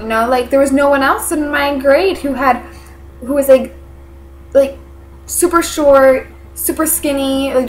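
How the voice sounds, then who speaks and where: A teenage woman vlogger, congested, telling a personal story to camera in a halting, earnest way full of fillers. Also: high voice. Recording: echoey room.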